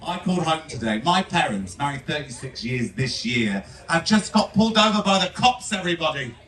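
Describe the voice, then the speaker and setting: A man's voice: a little high, sing-song, a bit bright. A man, a cruise director, telling a comic story on stage to an audience. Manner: comic storyteller, quick punchlines. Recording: echoey venue, heard from far off.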